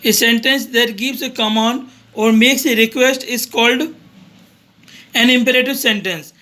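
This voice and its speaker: A man's voice: very high-pitched, fairly even intonation, a little slow, sharp tone. A male teacher going through a grammar revision lesson for young students, reading each example aloud and then explaining it simply.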